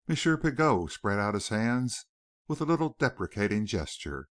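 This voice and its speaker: Low-voiced man narrating an audiobook. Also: big pitch swings, fairly bright tone, no echo, clean studio sound. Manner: measured storytelling.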